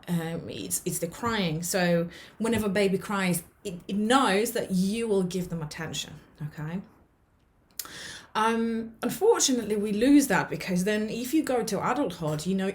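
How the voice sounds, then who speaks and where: A woman talking straight to camera, earnest and encouraging, often restarting and checking in with "okay?". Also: medium pitch. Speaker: vlogger giving life advice. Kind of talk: casual talk to camera.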